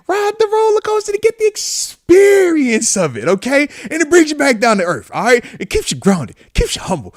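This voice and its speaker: A man's voice: very high-pitched, no room sound, clean studio sound. A man in his thirties from the United States hosting a live show, chatting casually in slang and reacting to viewer comments. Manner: animated, slangy, shouts out viewers, breaks into screams when acting out riders. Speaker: podcast host, retired football player. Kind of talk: casual live-stream chat reading comments.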